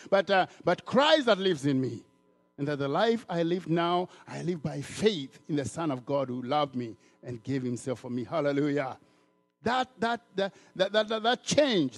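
A man from Africa preaching a sermon in an animated way, repeating words and acting out the voices of people he quotes. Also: fairly high pitch, gravelly.

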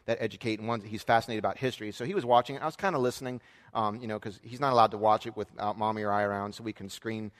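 A man's voice: on the low side, racing. A man in his thirties preaching a sermon as pastor, talking in an earnest, conversational way with frequent fillers and restarts. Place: church sanctuary. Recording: long reverb of a large church hall.

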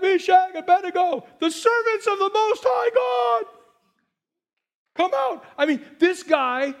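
A pastor with a strikingly high voice for a man delivers his sermon in a loose, talky way. He tosses in joking asides and stumbles over repeated words as he goes. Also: a bit bright.

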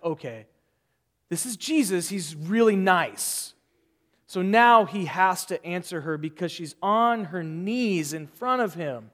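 A male pastor preaching a sermon in an animated way, acting out the voices of people in the story. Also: high-pitched, in a large hall.

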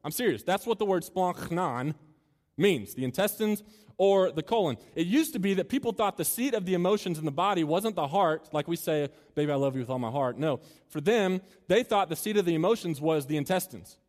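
A man's voice: high-pitched, animated, brisk, darkish tone. A man preaching a sermon to students, joking and chatty at times and earnest at others. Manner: joking and conversational, then earnest and building. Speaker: campus minister. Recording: long reverb of a large hall.

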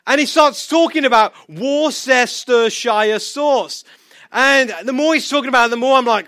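High-voiced bright preacher from England. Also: male voice, normal speed, no room sound, clean studio sound. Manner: conversational, storytelling with emphatic repetition. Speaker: pastor. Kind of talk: sermon.

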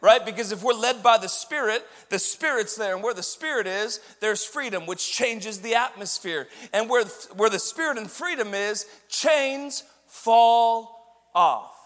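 A man preaches a storytelling sermon, his voice pitched high and bright for a man. He swings from quiet, confiding asides to loud, driving emphasis. A long reverb rings around him in a large church hall. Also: normal speed, hardly any pauses. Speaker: pastor.

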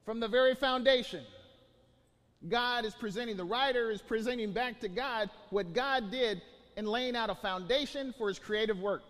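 Preacher, male, high voice, emphatic sermon delivery with restarts, long hall reverb. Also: moderate pace, fairly bright tone. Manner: preaching with rising emphatic bursts and many restarts. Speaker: pastor.

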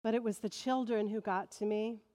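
A woman pastor preaches at a mid pitch, measured and steady, lifting into emphatic swells on key phrases. Her voice carries through a large space with a long reverb tail. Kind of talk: sermon.

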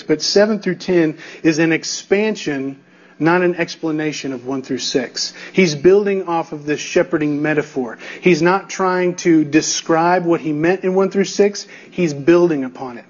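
A man's voice: on the high side, normal speed, muffled recording. A male pastor preaching an expository sermon, emphatic and building through repetition, checking in with the congregation.

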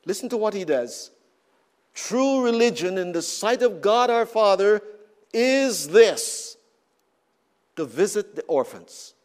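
Emphatic male preacher, high voice. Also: sing-song, slow, pauses often, a little mellow. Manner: emphatic, with repeated words and rising bursts. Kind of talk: sermon.

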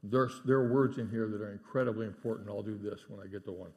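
A middle-aged man preaching a sermon in a church, earnest, dropping to hushed tones for emphasis. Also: fairly low pitch, steady tone, fast talker. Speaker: pastor. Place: church sanctuary.

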